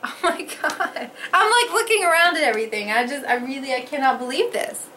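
A woman opening fan mail in casual, unhurried chat, overwhelmed with emotion. Her voice is high and bright, swinging widely as she gasps and swears. A faint hiss sits under the recording. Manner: gasping, excitable, swears freely.

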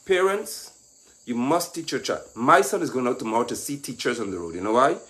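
A man giving an impassioned, mocking political monologue that rises at times to shouting. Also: mid-range voice, expressive, brisk. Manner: mocking, lecturing, rising to shouts. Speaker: political commentator.

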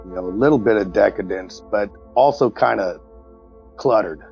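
A man's voice: fairly low pitch, normal speed, gravelly, a little mellow, husky, soft background music. A man playing a tabletop game, describing his hero's actions in a blunt, casual way. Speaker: player. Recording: slightly muffled lo-fi audio.

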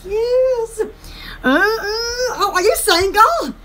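A woman's voice: very high-pitched, very animated, very slow, noisy background. A woman chatting in a rambling, goofy live stream at home, giggling often. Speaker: vlogger.

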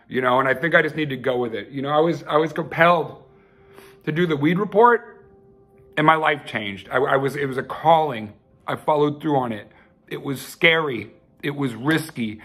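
A man's voice: a little high, vocal fry, bright, forceful tone, breathy edge. A man hosting his own loose, rambling sermon, heartfelt and profane, with frequent restarts. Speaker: self-styled televangelist host.

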